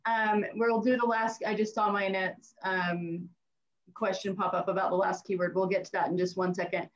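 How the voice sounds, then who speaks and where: A woman organizing a virtual class, giving brisk practical instructions. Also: medium pitch, level tone. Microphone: video call. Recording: muffled lo-fi video call audio.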